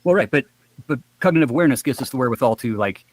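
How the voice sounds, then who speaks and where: A man on a live stream panel calmly trying to mediate with questions. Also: mid-range voice, very fast, no echo, poor audio. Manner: calm, mediating, asks questions. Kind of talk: casual live stream chat.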